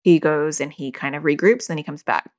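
A woman's voice: low voice, fairly even intonation, fairly quick. A middle-aged woman, a parenting coach, giving casual advice in a chatty way full of "like" and "you know".

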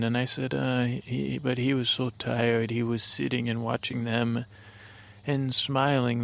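A man telling a meandering bedtime story for a sleep podcast, his voice deeply gravelly and his delivery slow. he halts, restarts and wanders as he goes. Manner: halting and rambling, many fillers and restarts. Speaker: podcast host.

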